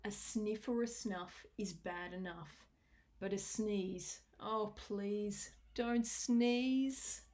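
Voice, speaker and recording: A woman reading a rhyming picture book aloud in a lively, sing-song way. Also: medium pitch, takes it slowly. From Australia. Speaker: storyteller.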